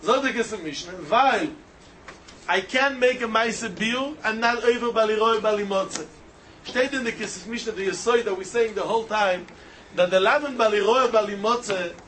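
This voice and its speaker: Style Talmud teacher, male, bright sharp tone, sing-song and animated, faint ambient hum. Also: sits high. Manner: animated, mixes Hebrew, Aramaic and Yiddish terms into English, sing-song reasoning. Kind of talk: yeshiva-style Talmud lecture.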